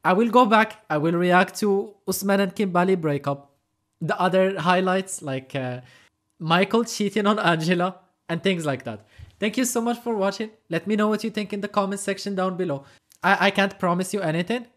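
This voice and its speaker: A man's voice: high voice, moderate pace, a bit bright. Snarky man reacting to reality TV. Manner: snarky, joking asides, laughs often. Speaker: reaction channel host. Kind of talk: casual reaction commentary.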